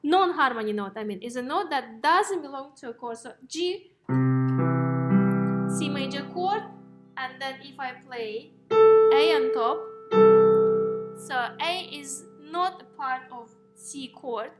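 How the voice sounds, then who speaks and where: High-voiced woman teaching music theory. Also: lively intonation, slow, pauses often. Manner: explains step by step, checks in with "okay?" and "yes?". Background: piano notes played between phrases.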